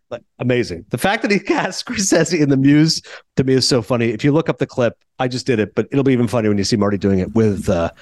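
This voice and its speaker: A man's voice: medium pitch, fast, no echo. A man hosting a podcast, casually retelling film anecdotes with quoted voices and laughter. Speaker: podcast host. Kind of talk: casual storytelling chat.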